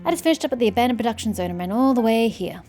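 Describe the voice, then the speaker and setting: A woman's voice: fairly high pitch, lively intonation, rapid-fire, a little mellow, soft background music, natural voice. A woman reading the lines of a flustered, hapless man in a video game.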